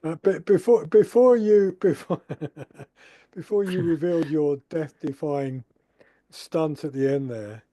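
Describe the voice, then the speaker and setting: A man hosting a club talk, chatty and halting, laughing often as he tells his own story. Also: a little high, dark tone, no room sound. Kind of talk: casual chat.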